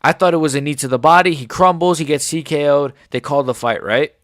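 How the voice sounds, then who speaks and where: A man's voice: on the high side, a little fast, fairly bright tone, dry recording, clean studio sound. A man in his forties giving a heated, sarcastic reaction rant full of swearing. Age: 40s. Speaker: MMA commentator.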